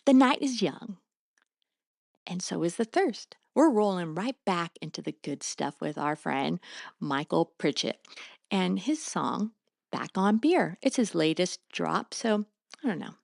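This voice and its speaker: A woman's voice: lowish voice, sing-song, a little slow, creaky, a little mellow, no echo. A middle-aged woman hosting a radio show with folksy, playful country patter and drawled exclamations. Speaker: radio host.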